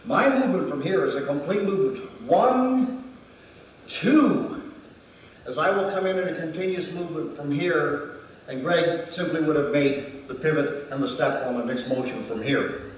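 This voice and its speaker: A man's voice: on the high side, fairly quick, slight background noise. A man instructing a weapons demonstration in a methodical way, counting out each movement. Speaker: martial arts instructor. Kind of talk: demonstration lesson. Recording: very echoey hall, distant mic.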